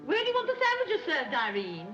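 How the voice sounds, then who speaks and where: An actress playing a scatterbrained wealthy society matron who chatters in a dithery, rambling way, in a 1930s film comedy. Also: female voice, sits high, wildly swooping pitch, fairly quick, pushed and bright, dull audio, full character voice. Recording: scratchy 1930s film soundtrack with music.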